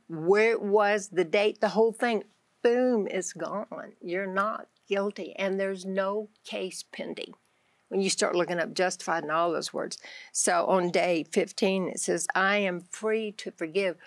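A woman's voice: mid-range voice, dry recording. A woman with a Texan accent, a guest on a Christian talk show, telling her faith story with animation and acting out her own prayers. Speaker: guest author.

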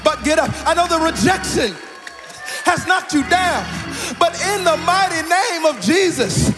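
A man preaching a sermon as pastor, building in chanted call-and-response to shouts. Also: very high-pitched, lively intonation, unhurried, loud music behind the voice.

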